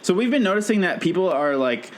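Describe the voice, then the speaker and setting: A man's voice: high voice, very animated, fast. A man hosting a podcast, chatting easily in an interview, often laughing and hedging his words. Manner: easygoing, laughs often, hedges with "like". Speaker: podcast host. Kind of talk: casual interview chat.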